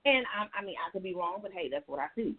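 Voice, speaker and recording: A woman holds forth as a call-in radio host, folksy and chatty, calling her listeners y'all. Her voice is breathy and a little husky. It comes through a thin, tinny line that sounds like a phone call. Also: fairly low pitch, lively intonation, fast talker. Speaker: radio talk show host. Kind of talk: casual call-in radio commentary.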